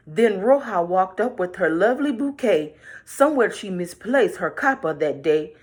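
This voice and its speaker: A woman's voice: mid-range voice, lively intonation, moderate pace, few pauses, a little mellow. A woman reading a picture book aloud and chatting playfully to the listener about the pictures. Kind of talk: read-aloud with chatty commentary.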